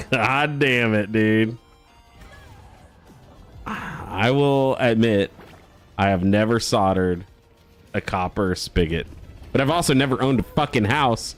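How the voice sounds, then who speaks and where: A man hosting a live game stream in casual chat, swearing, joking and breaking into loud excited laughter. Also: lowish voice, takes it slowly, long pauses, faint music behind. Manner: profane, jokey, bursts into loud excited laughter. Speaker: streamer host.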